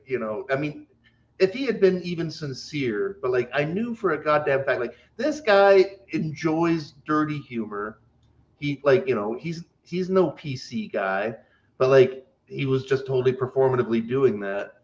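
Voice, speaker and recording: A man's voice: fairly high pitch, expressive, normal speed. A man co-hosting a podcast, telling stories in a rambling casual way and laughing as he goes. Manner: rambling, laughs through his stories, many fillers. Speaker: podcast co-host. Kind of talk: casual chat, storytelling. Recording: dull lo-fi audio.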